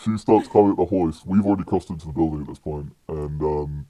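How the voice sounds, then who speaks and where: Very deep-voiced young British man. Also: fast, warm tone, no room sound. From United Kingdom. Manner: rambling, with many fillers and restarts. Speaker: podcast guest. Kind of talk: casual storytelling.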